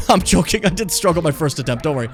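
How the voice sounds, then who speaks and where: A man's voice: fairly high pitch, animated, fairly quick, faint music behind. A man streaming a game live, talking casually in a rambling, profane way while he plays.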